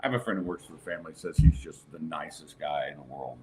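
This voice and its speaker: A man's voice: extremely low pitch, fast, warm tone, a little hiss or hum. A man hosting a sports podcast, chatting casually in a loose, joking way with lots of fillers. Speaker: podcast host.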